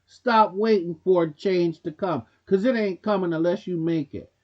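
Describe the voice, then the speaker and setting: A man's voice: high-pitched, a little slow, highs cut off. A man hosting a commentary show, giving a blunt, preachy opinion monologue straight to viewers in loose casual speech. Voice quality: casual speech with dropped grammar.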